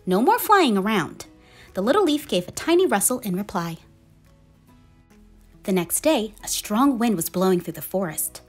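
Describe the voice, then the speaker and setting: A woman reading a children's picture book aloud in a gentle, expressive storytelling manner. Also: medium pitch, moderate pace, long pauses, soft background music. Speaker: storybook reader.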